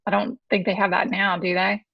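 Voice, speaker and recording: A woman's voice: mid-range voice, level tone, fairly quick, vocal fry, muffled recording. A woman interviewing a colleague in a casual chat, asking curious, friendly questions.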